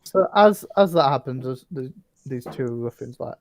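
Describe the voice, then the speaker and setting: A game master narrating a tabletop game, halting and heavy on fillers. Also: mid-range voice, animated.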